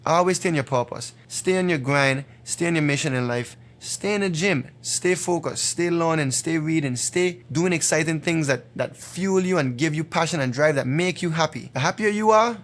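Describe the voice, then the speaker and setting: Fast-talking man giving blunt dating advice. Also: on the high side, a bit bright. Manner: emphatic, repetitive, retells a joke with acted voices. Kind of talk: direct-to-camera advice monologue.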